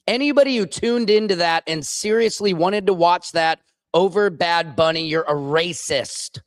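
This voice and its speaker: A man's voice: sits high, smooth, dry recording. A male comedian hosting his own show, delivering an angry, profane political rant with heavy emphasis.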